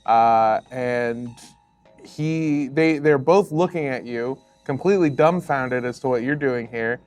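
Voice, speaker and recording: A man's voice: medium pitch, takes it slowly, darkish tone, soft background music. A man narrating as game master of a tabletop game, casual and profane.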